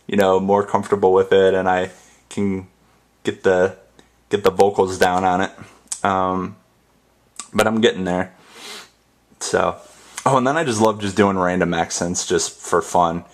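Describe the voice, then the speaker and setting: A man's voice: deep voice, flat delivery, measured pace, long pauses. A young American man chatting casually on camera at home, rambling with many fillers and restarts. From United States. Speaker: ASMR vlogger. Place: apartment.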